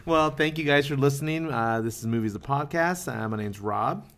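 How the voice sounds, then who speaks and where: A man's voice: mid-range voice, normal speed, a bit bright. A man hosting a casual movie podcast, joking with his co-hosts and steering the talk. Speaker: podcast host. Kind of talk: casual chat.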